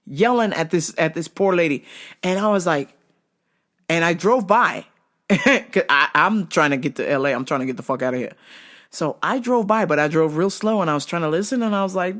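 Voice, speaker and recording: A woman's voice: on the low side, moderate pace. A woman hosting her show, telling a story casually with swearing and acted-out voices. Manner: animated, swears freely, acts out voices. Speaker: show host.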